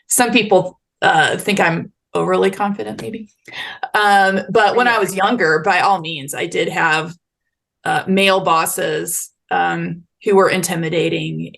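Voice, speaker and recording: Woman, panelist, company owner, mid pitch, halting, filler-heavy. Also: gravelly, fairly bright tone. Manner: hesitant, many fillers and restarts. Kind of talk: casual panel chat.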